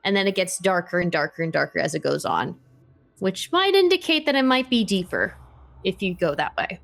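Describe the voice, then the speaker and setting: A woman's voice: lowish voice, very animated, fairly quick, vocal fry. A woman running a tabletop game as game master, describing scenes in a hesitant way with many fillers.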